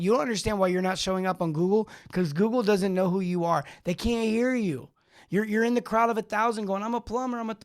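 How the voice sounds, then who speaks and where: Animated man coaching plumbing business owners. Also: high voice. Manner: animated, rambling, talks back to live chat. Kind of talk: live-streamed coaching talk.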